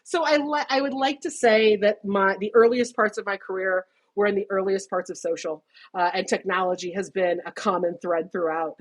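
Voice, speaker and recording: A woman in her fifties, an industry analyst, talking through her career in a casual interview, chatty and animated and laughing often mid-sentence. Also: mid-range voice, normal speed.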